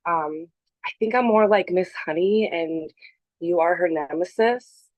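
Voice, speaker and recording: A woman's voice: on the low side, unhurried, dry recording, dull audio. A woman contestant casting her votes in a reality game, pointed and defensive with a sarcastic edge.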